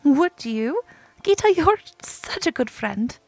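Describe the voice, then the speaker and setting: A kind, supportive young friend, voiced by a woman from a game. She speaks in an encouraging, caring way. The voice is slightly high with some gravelly fry. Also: very animated, slow, dry recording, soft background music, heavily acted.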